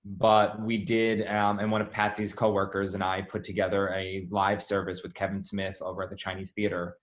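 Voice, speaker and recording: A man being interviewed, telling stories in a chatty, animated way with lots of "like". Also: low voice, moderate pace. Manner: chatty, animated, heavy use of "like". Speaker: interview guest, former assistant. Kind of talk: casual storytelling interview.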